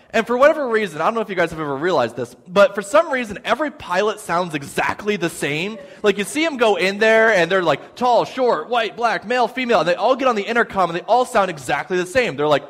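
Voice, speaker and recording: A man preaching a sermon as a pastor, telling an animated, self-deprecating story with frequent "okay?" asides. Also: high voice, brisk. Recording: long hall reverb.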